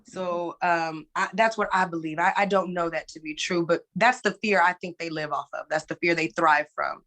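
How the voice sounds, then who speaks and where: A woman's voice: on the low side, moderate pace, fairly bright tone. A woman speaking as a guest in a candid conversation, earnest and emphatic, often checking in with "right?". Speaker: guest, musician.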